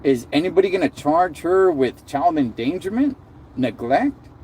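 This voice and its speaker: A man's voice: fairly high pitch, sing-song, normal speed, dark tone, slight background noise. A man hosting a live stream, ranting in a heated, sarcastic way with slang and lots of repeated words.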